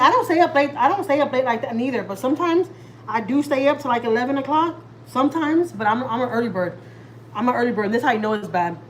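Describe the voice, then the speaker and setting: A woman's voice: fairly high pitch, a little hiss or hum, low-quality recording. A woman, chatting casually and at length with viewers on a live stream from home. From Texas, USA. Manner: chatty and rambling, talks straight to viewers. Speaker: family vlogger hosting a live stream.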